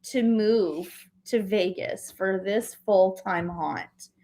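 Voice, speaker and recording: Unhurried woman podcast host. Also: mid-range voice, dark tone. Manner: short affirming replies. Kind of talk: casual podcast chat.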